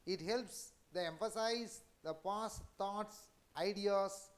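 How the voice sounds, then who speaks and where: Indian english guy lecturing, high voice, lots of uhs. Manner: halting, many fillers and restarts. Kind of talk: educational lecture.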